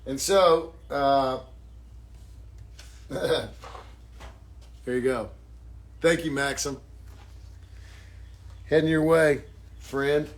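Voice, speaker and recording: A man, an actor signing autographs on a live stream, chatting casually in a jokey, self-mocking way and thanking fans warmly. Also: fairly high pitch, fairly even intonation, very slow, pauses often.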